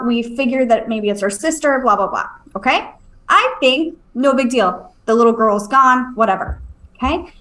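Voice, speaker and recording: A woman, a medium and podcast co-host, telling a story at home in a casual, animated way, swearing and checking in with her listener. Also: a little high, rough recording. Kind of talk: casual storytelling on a live stream.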